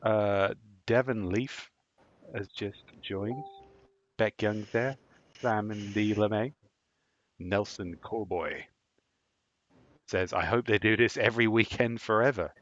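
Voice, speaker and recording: A man's voice: lowish voice, slow pace, pauses often, fairly bright tone. A man hosting a podcast, dry and teasing in casual chat. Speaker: podcast host. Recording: dull lo-fi recording.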